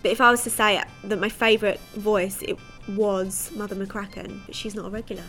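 A woman's voice: mid-range voice, flat delivery, a little fast, a bit bright, soft background music. A woman being interviewed as a guest, chatting casually and joking about herself, laughing often. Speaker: guest actress. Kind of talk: casual chat.

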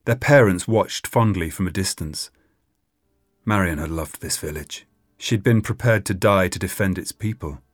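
A man narrating an audiobook in an expressive reading. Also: deep voice, normal speed, dry recording, clean studio sound. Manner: expressive, voices many characters.

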